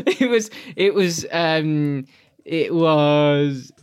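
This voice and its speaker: A man co-hosting a casual podcast chat, animated and laughing often, his voice leaping up when he is outraged. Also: on the high side, drawn-out words, smooth. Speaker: podcast co-host.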